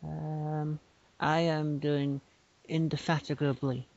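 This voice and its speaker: A woman's voice: low-pitched, level tone, slow pace, a little mellow, no room sound, dull audio. A woman co-hosting a casual podcast chat, playfully dropping showy vocabulary. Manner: playful, tries out fancy words. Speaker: podcast co-host.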